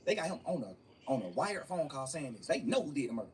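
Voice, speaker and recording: A young man, speaking as an interview guest, tells his story with emphasis and profanity, often repeating phrases. His voice is medium in pitch with big swings, and he talks fast. The mic is distant, with faint room noise.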